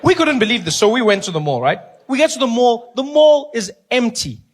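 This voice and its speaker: A man performing a stand-up comedy set, telling a story with animated delivery and put-on voices. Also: very high voice, fairly quick.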